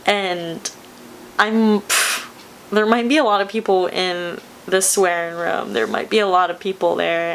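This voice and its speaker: A woman's voice: mid-range voice, fairly even intonation, unhurried, vocal fry, slight background noise. Emotional young woman vlogging, laughing through tears. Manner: tearful, laughing, rambling with many fillers. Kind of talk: emotional personal vlog.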